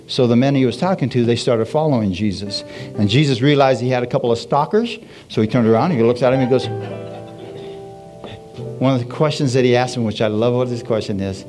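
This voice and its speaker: A man preaches at a middling pitch, animated and repetitive, breaking in with hallelujahs. A soft guitar plays quietly underneath. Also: brisk. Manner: animated, repeats phrases, frequent hallelujahs. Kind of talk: sermon.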